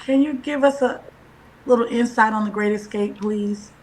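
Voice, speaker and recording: A woman's voice: fairly high pitch, moderate pace, darkish tone, a little hiss or hum. A woman interviewing a guest on a casual live stream, asking questions and reacting briefly.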